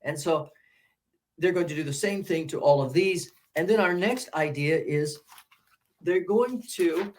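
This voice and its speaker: An older American man teaching English pronunciation, drawing out example words and swinging between loud and soft. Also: fairly high pitch, a little slow, a little hiss or hum.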